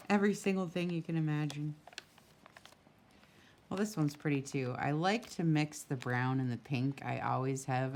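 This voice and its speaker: A woman who runs a craft shop chats casually while flipping through a handmade journal, gushing and full of little asides. Her voice is very deep. She's recorded outdoors in a breeze on a camera mic, with a little hiss or hum.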